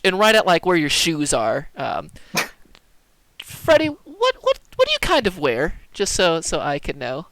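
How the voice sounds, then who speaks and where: A man's voice: on the high side, wildly swooping pitch, measured pace, fairly bright tone, no room sound. A man narrating as dungeon master in a casual tabletop game, talking loosely with many fillers. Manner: loose, filler-heavy descriptions.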